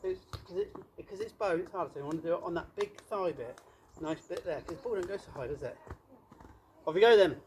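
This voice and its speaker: A man coaching children through a ball drill on an outdoor pitch, encouraging and playful. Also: fast, darkish tone, slight background noise.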